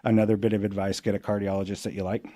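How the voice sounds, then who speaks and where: A man telling a story as a podcast guest in a loose, animated way. He laughs often and swears casually. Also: lowish voice, very fast, no room sound.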